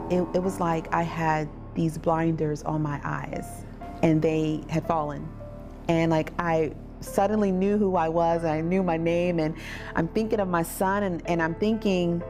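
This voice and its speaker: A woman earnestly telling her own story as a survivor advocate, with restarts, over soft music. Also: fairly low pitch. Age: adult parent. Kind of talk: personal testimony.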